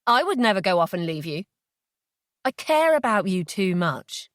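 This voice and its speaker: A woman reading an audiobook, voicing a calm, smug, manipulative ex-boyfriend. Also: mid-range voice, moderate pace, no room sound, studio quality, natural voice. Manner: coolly manipulative, quietly self-satisfied. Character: obsessive controlling ex-boyfriend, man, calm and smug. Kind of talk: audiobook character voice.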